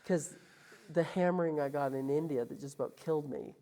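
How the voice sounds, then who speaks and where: In a low voice and at a brisk clip, a Calgary, Canada woman relates her story as an interview guest. Her telling is casual and animated, with the lines of the people in it acted out.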